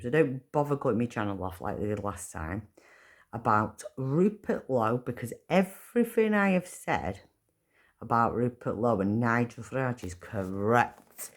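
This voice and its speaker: A woman's voice: rumbling low, reverberant. A woman from England, ranting angrily and swearing, hammering her points through repetition. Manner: furious, swearing, repeats points emphatically. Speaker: vlogger. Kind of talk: angry political rant.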